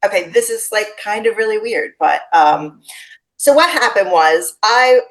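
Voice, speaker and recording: Animated woman telling stories on a call. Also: mid-range voice, measured pace, rough recording. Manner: animated storytelling, acts out quotes. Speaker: podcast guest. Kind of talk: casual interview chat.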